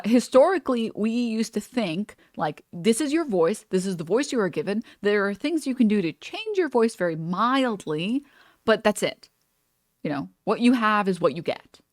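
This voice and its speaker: A woman's voice: medium pitch, no room sound, studio quality. A woman streamer chatting casually while reacting to a video, rambling with many fillers and restarts. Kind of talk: casual live-stream chat.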